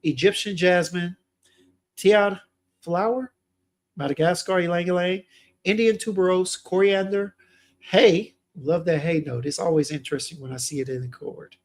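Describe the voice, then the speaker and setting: A man's voice: high-pitched, steady tone, moderate pace. A young man hosting a fragrance livestream, chatting casually and reading viewer comments aloud in a laid-back way.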